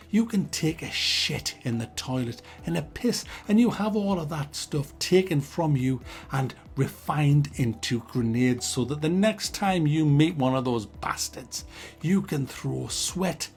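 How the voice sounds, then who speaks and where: A man in his forties giving a mock-serious, sarcastic and sweary game review. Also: medium pitch.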